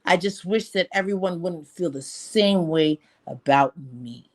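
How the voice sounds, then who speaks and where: A woman's voice: on the low side, a little slow, no room sound. A woman from New York, a guest on a livestream, talking brashly and profanely in rambling bursts. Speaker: stream guest. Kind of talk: casual stream chat.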